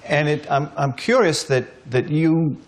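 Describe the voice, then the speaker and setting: A man's voice: on the high side, measured pace, slight background noise. A man interviewing a guest, asking questions hesitantly with many restarts.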